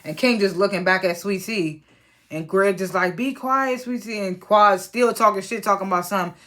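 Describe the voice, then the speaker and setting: A woman's voice: mid-range voice, fairly even intonation, a little fast, a bit bright. A woman casually recapping a reality TV episode, chatty and slangy, with lots of fillers and exasperated asides.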